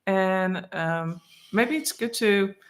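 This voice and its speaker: A woman co-hosting a live online Q&A, speaking haltingly with many ums and restarts. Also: mid-range voice. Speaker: co-host, internal arts teacher.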